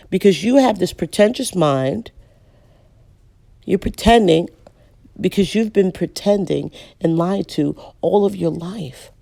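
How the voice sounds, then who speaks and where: Woman preaching straight talk, gravelly low-key voice, repeats stuff and slows way down to hammer it. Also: mellow. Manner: direct, emphatic, repeats lines and slows down for stress. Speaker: online preacher. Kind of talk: blunt preaching monologue.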